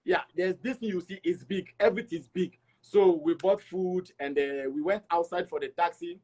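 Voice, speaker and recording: A middle-aged man from Togo, an interview guest, telling his travel story in an animated way and acting out the dialogue. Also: high-pitched, moderate pace. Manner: animated, acts out dialogue with repeats.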